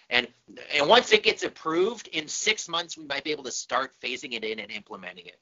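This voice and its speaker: A man's voice: on the high side, a little fast, bright, forceful tone, highs cut off. A man on a podcast, venting in a casual, profane, exasperated way. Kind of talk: casual chat.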